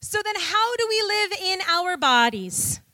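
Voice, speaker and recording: A woman's voice: very high voice, very animated, measured pace, sharp tone, dry recording. A woman preaching a sermon to a congregation, with rhetorical questions and call-and-response.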